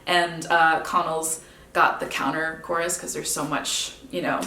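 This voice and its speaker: A young woman songwriter talking casually and candidly about her own song, sometimes musing quietly. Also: low-pitched, flat delivery, unhurried, a little hiss or hum. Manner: chatty, candid, drifts into soft musing. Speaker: singer-songwriter. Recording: roomy, mic set at a distance.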